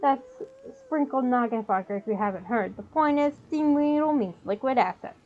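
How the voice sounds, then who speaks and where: Woman playing an old goblin fixer with a put-on New York accent, gossipy and sly, a touch high, slightly muffled sound. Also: moderate pace, a little hiss or hum, lightly acted. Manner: gossipy, conspiratorial, folksy.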